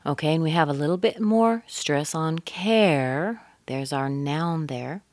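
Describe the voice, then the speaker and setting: Slow low-voiced woman teaching pronunciation. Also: darkish tone, dry recording. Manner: slow, deliberate, models words with exaggerated stress. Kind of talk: pronunciation lesson.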